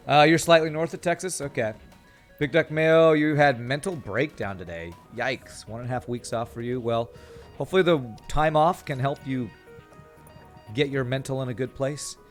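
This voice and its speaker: Brief: tired man from California, game streamer, mid-pitched and rambling, faint music underneath. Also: moderate pace. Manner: rambling, chatty, repeats words while thinking. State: tired from a busy season. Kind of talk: casual gameplay commentary with chat.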